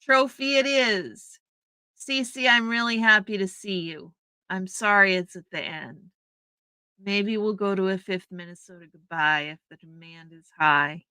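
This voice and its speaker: A woman hosting a live stream takes her time, greeting each viewer by name in a chatty, welcoming way. Her voice is bright, smooth and a little high. The sound is dry and close, with no room in it. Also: normal speed, no echo. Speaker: livestream host. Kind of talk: casual chat reading out viewer comments. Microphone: streaming setup microphone.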